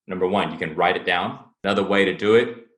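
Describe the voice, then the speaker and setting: A man with a deep, low voice speaks as a wellness coach in a roomy, echoing space. He talks earnestly, circling back over his points and briefly acting out angry remarks to make them vivid. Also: fast, a bit bright. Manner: earnest, repetitive, acts out angry quotes. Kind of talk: motivational talk to camera.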